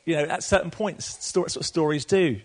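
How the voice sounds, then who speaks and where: A middle-aged man preaching a sermon, telling the story in a lively way with asides to the congregation. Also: a little high, moderate pace.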